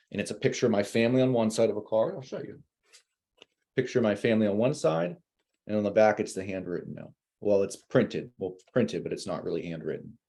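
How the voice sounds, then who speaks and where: Man, low and warm, animated storyteller, slips into caller voices. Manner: many fillers and restarts. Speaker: insurance agent guest. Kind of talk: casual webinar talk.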